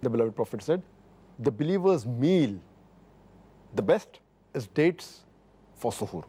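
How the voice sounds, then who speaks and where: A man's voice: medium pitch, big pitch swings, mellow, husky. A middle-aged man, an Islamic scholar, explaining religious rulings and carefully citing hadith by book and number. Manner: measured, cites hadith numbers precisely, repeats points. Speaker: Islamic scholar answering questions.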